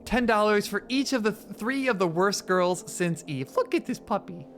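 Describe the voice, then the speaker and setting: A woman chatting casually on a live stream, excitable and swearing freely, cooing at her dog between thank-yous. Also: medium pitch, moderate pace, faint music behind.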